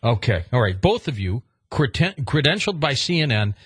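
Lively, husky radio host. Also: male voice, medium pitch, normal speed, no echo. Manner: probing, repeats himself to stress points. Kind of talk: talk radio interview.

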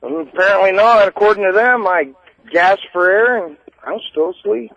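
A man's voice: sits high, normal speed, fairly bright tone, dry recording. A man calling in to a radio show, recounting events in a matter-of-fact, plain-spoken way over a dull phone line. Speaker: caller. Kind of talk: call-in radio chat.

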